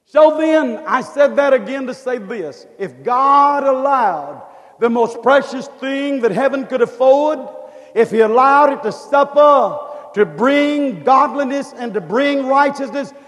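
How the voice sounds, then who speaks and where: Fervent high-voiced man preaching in a hall. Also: lively intonation, unhurried. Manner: fervent, repetitive, builds to shouted questions. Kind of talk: revival sermon. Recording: long hall reverb.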